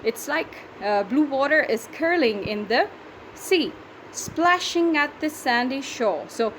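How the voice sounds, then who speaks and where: A woman's voice: fairly high pitch, animated, unhurried, a bit bright, a little hiss or hum, rough recording. A woman teacher with a Pakistani English accent, patiently explaining a poetry lesson step by step and counting syllables aloud.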